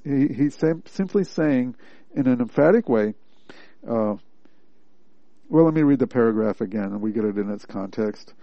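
A man's voice: medium pitch, gravelly, no echo. Earnest male preacher, plain-spoken devotional teacher, close and dry on a muffled lo-fi track. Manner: earnest, plainspoken, repeats points for emphasis. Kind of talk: devotional teaching, reading and explaining a text. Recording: dry, slightly dull lo-fi recording.

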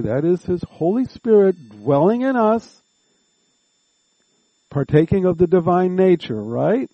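A man preaching a sermon, slow and deliberate, drawing out words and making earnest appeals to his listeners. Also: sits high, big pitch swings, no echo, muffled recording.

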